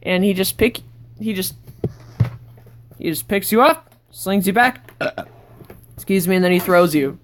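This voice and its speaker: A woman vlogger giving a casual, rambling tour of her sketchbook, breaking into sudden excited outbursts. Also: medium pitch, unhurried, long pauses, slight background noise.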